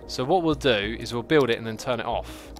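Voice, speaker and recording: Chatty man streaming a game. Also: medium pitch. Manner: chatty, talks to the game and to chat, quick exclamations. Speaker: streamer playing a city-building game. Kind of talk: casual livestream commentary. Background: faint background music.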